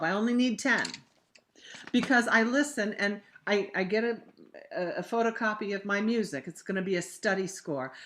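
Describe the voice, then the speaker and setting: A woman opera coach leading a virtual master class over a video call, talking singers through diction and breathing, and breaking into loud spoken examples of words. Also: medium pitch. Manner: demonstrative, acts out diction examples with sudden loud bursts; conversational, warm coaching with fillers.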